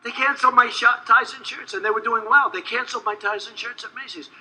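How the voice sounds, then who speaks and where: A man giving a rambling, boastful campaign rally speech, repeating himself and sometimes shouting. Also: extremely high pitch, fairly even intonation, fast, low-quality recording. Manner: shouts at times to a crowd. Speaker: political candidate.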